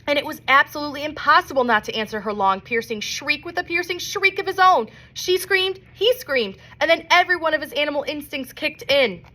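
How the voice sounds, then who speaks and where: A woman reads a children's novel aloud with expressive storybook delivery. Her voice is bright and fairly high, swinging animatedly up and down as she reads. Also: fairly quick, few pauses. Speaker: reader.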